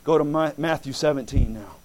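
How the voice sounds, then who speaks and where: Fervent high-voiced preacher man. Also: a little fast. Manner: fervent, swings from soft asides to loud exclamations; acts out quoted voices in dialogue. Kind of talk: sermon with scripture reading.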